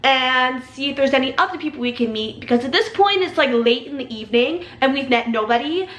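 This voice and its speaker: A young woman vlogger telling a story in a casual, excitable way, full of "like" and swearing. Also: high-pitched, a little fast, roomy sound. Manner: excitable, heavy use of "like", swears freely.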